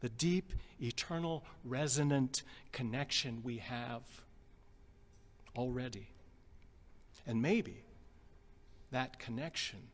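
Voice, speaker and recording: A male pastor from the Upper Midwest, telling a story in a sermon in a gentle, halting way and repeating phrases. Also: medium pitch. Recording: long reverb with guitar music behind.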